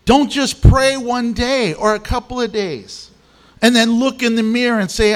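Man preaching, high voice, animated storytelling, acts out quotes. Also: a little slow. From Mexican. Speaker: pastor. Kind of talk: sermon.

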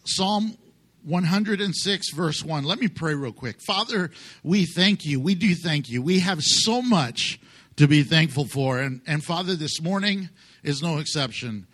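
Bright high-voiced man preaching. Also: animated, unhurried. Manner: conversational, emphatic, jokes with congregation. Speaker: pastor. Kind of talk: sermon.

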